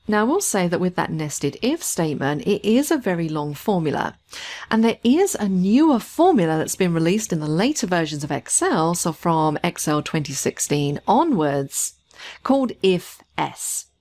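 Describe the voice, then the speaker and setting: A woman instructor narrating a screen-recorded software tutorial, explaining each step patiently. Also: lowish voice, very animated, normal speed.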